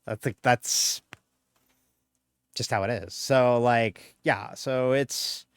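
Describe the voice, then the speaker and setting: A man's voice: medium pitch, slow pace, smooth, no room sound, clean studio sound. A man with a slightly nasal voice, chatting casually on a live stream and rambling with many fillers.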